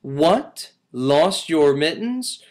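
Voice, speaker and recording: A man voicing a mother cat who scolds her kittens in a stern, drawn-out voice for a children's nursery rhyme. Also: a little high, animated, pitched above the performer's own voice. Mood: scolding.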